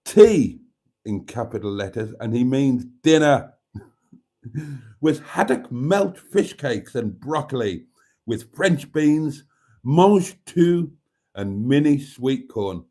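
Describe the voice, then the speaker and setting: Man, livestream host, slow, lively pitch, mellow tone, chatty and playful. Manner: chatty and playful, echoes items back. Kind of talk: casual chat reading out viewer comments.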